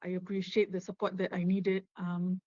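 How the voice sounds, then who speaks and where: A middle-aged woman, giving halting personal testimony as a webinar guest over a video call. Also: on the low side, little pitch movement, a little mellow, dry recording. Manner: halting, many fillers and restarts. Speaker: guest, suicide loss survivor. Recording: dull, dry lo-fi webinar audio.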